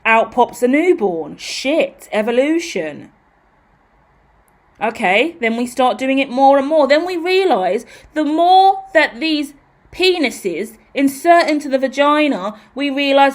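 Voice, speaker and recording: A woman, hosting a tarot channel in a casual, rambling monologue. She is animated, swears freely and acts out what she talks about. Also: high voice, a little slow. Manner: animated, profane, theatrical.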